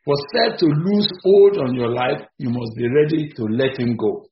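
Gravelly preacher man in an echoey room. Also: normal speed, a little hiss or hum. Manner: emphatic, repetitive preaching with sudden rises in pitch and volume. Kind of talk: evening sermon. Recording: echoey, dull-sounding room recording.

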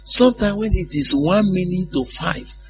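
A man preaching a sermon in an animated, humorous way, often asking the congregation if they follow him. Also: sits high, moderate pace, music in the background, low-quality recording.

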